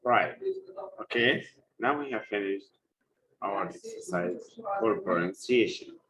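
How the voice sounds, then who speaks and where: Slow, low-voiced male teacher. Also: a bit bright, rough recording. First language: Arabic. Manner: slow, deliberate, quizzes the class with repeated questions. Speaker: English teacher. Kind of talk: live-streamed classroom lesson.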